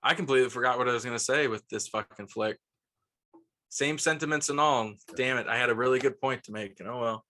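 Bright-voiced laid-back podcast guy. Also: medium pitch, quick pace. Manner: laid-back, says dude a lot. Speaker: podcast co-host. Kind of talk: casual movie review chat.

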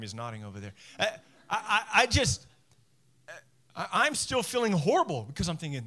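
A man in his forties preaching a sermon from a church stage, animated and self-deprecating, acting out voices as he goes. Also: high voice, moderate pace. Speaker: pastor. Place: church stage before a congregation.

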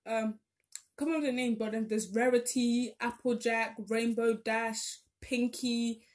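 A woman's voice: fairly high pitch, a little mellow. A young woman, chatting casually and rambling as she corrects herself along the way. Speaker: vlogger. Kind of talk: casual chat.

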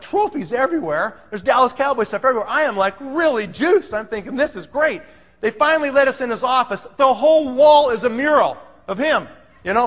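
High-voiced excitable male storyteller. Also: big-room sound. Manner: excitable, acts out quoted voices, laughs often. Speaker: speaker telling a business story. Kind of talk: animated storytelling talk.

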